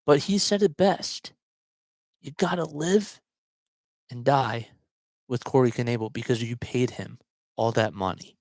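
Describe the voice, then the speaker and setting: A man's voice: mid-range voice, a little slow, long pauses, a little mellow, dry recording. Chatty man rambling through sports commentary. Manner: rambling, chatty, often restarts and digresses. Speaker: sports talk show host. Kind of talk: casual solo sports commentary.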